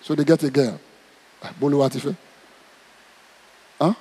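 A man with a Nigerian accent preaches a sermon, animatedly asking his congregation one question after another. His voice is on the high side with a breathy edge and a measured pace, and the recording carries a long hall reverb.

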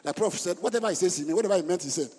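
A man preaching a sermon as pastor, lively and breaking into sudden shouts. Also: sits high, rapid-fire, breathy edge. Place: church hall. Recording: reverberant church hall.

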